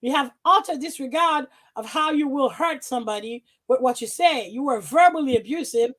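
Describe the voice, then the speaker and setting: A woman reading out her own emails on a podcast in a profane, animated way, laughing often. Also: high-pitched, normal speed, few pauses.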